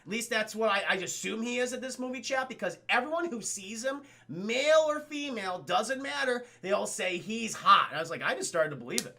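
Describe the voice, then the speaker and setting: A man's voice: high-pitched, lively intonation, a little fast, hardly any pauses, pushed and bright. A young man streaming a casual, profane film recap, constantly talking to his chat. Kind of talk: casual livestream commentary.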